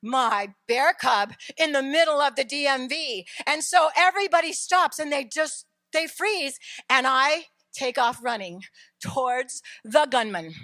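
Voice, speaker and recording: A middle-aged woman preaches a sermon, recounting a lively personal story and shouting at its dramatic peaks. Her voice is high, her pace measured, and there is no echo.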